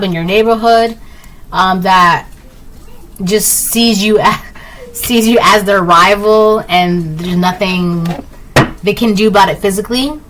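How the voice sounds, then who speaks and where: A woman's voice: mid-range voice, fairly bright tone, a little hiss or hum, rough recording. A woman giving a casual tarot reading, rambling with lots of "like" and "right?", breezy and dismissive. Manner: breezy and dismissive, repeats "blah, blah". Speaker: tarot reader.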